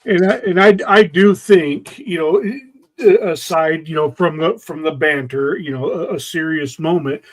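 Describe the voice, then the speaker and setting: A man hosting a podcast in casual chat, halting with many restarts and "you know"s. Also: fairly high pitch, low-quality recording.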